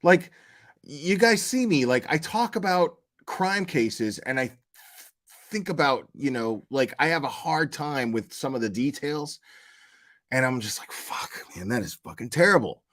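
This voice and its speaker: A man's voice: medium pitch, expressive, measured pace, a bit bright. A man hosting a commentary channel, talking casually and profanely, rambling and answering his chat.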